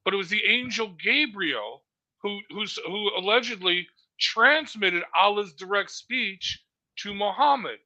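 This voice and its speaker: A man on an online discussion panel, animated and firing off rhetorical questions. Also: high-pitched, unhurried, dry recording, muffled recording.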